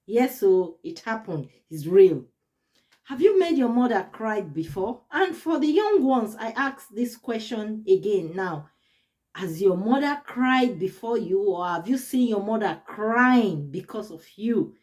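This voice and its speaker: A woman's voice: medium pitch, big pitch swings, a little slow, a little mellow. A young adult woman vlogger telling a personal story to her viewers in a casual way, laughing often and repeating words for emphasis. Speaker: YouTube vlogger.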